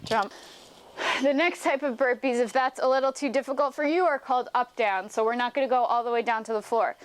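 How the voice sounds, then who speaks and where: A woman's voice: a little high, a little fast, a little hiss or hum. A young woman teaching a home workout, explaining each move step by step as she demonstrates it. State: out of breath at times. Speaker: fitness teacher. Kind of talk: workout instruction.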